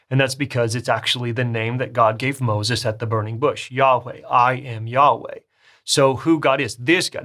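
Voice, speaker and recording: A man teaching a recorded Bible study lecture in a conversational way. He corrects himself mid-sentence and rises in pitch to stress key phrases. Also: a bit bright. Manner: conversational, with restarts and self-corrections; emphatic, rising on key phrases.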